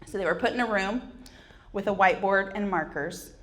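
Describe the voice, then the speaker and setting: A woman's voice: medium pitch, fairly quick, fairly bright tone. A woman in her forties telling wry, self-deprecating comic stories on a conference stage, often laughing at her own jokes. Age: 40s. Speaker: conference speaker. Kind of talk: comedic personal storytelling.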